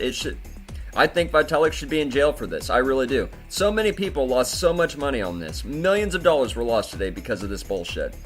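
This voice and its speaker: A man's voice: medium pitch, expressive, fairly quick, fairly bright tone. A man hosting a crypto news video, ranting angrily and swearing a lot, with faint music behind him. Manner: profane, heated ranting. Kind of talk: angry crypto news commentary.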